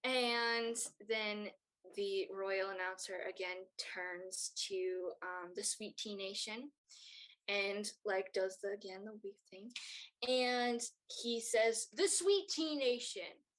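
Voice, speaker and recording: Woman game master, slow rambling narration, mid pitch. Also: steady tone, fairly bright tone, poor audio. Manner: rambling, many fillers.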